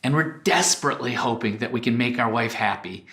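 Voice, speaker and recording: A man's voice: medium pitch, brisk, a bit bright, echoey room. A middle-aged man co-teaching a marriage course, speaking earnestly and directly to the audience. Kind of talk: teaching talk to camera.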